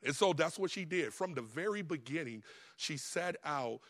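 A male pastor preaching in a casual, storytelling way, with a voice pitched a bit above the usual for a man. He bounces between loud and hushed and laughs his way through the story. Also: moderate pace. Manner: lively storytelling, laughing often, acting out the characters. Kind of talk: sermon.

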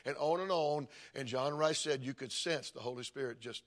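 A man's voice: fairly high pitch, normal speed, fairly bright tone. Older man preaching with rising emphasis. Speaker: pastor. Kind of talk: sermon.

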